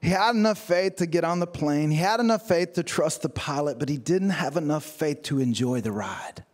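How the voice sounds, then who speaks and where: A man's voice: a little high, normal speed. A man preaching a sermon as a pastor, telling stories with humor and acting out the people in them. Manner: storytelling with humor and acted-out quotes.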